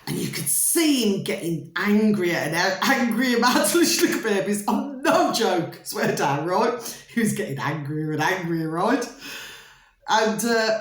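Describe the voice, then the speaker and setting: A woman's voice: mid-range voice, animated, measured pace. A British woman vlogging, telling a long rambling story to her viewers in a theatrical, repetitive way and calling them pet names. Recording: roomy echo.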